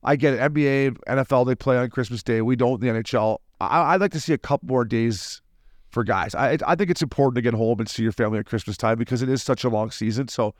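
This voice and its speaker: A man in his forties, a former hockey player co-hosting a podcast, telling stories in a lively, casual way and acting out quotes. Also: mid-range voice, no echo, studio quality. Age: 40s. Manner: fast, animated storyteller who acts out quotes. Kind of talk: casual storytelling chat.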